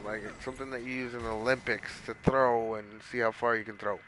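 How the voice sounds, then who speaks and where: A man's voice: mid-range voice, fairly even intonation, fast talker, background noise. A man casually telling a long story while playing a video game, rambling with lots of swearing and fillers. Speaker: gaming streamer.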